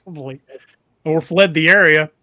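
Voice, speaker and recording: A man hosting a casual podcast conversation, halting and often restarting his sentences. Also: on the high side, fairly bright tone, no room sound. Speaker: podcast host.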